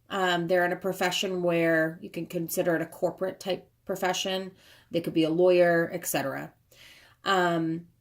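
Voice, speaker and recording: A woman giving a casual spoken tarot reading, chatty and thinking aloud as she handles the cards, recorded on a propped-up phone camera. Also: on the low side. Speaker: tarot card reader. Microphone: phone camera propped up nearby.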